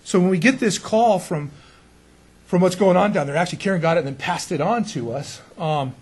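A man's voice: high voice, brisk, darkish tone, breathy edge. A man preaching as a pastor in a conversational sermon, often asking his congregation rhetorical questions and chuckling now and then.

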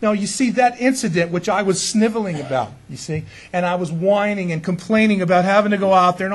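A man, a pastor, preaching through an animated, self-mocking story full of restarts. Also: high-pitched, a little fast, hardly any pauses. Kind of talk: storytelling sermon.

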